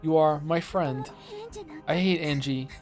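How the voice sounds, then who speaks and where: A man voicing a sad, lonely little girl who believes she is a witch, speaking softly and pleadingly. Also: on the high side, a little slow, over music, pitched above the performer's own voice, natural voice.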